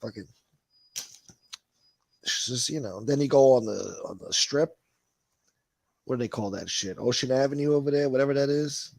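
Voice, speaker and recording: This livestream host's mid-range voice is gravelly and a little mellow, at a normal speed with frequent pauses, recorded dry. He reads viewer comments and chats aimlessly, full of swearing and laughter.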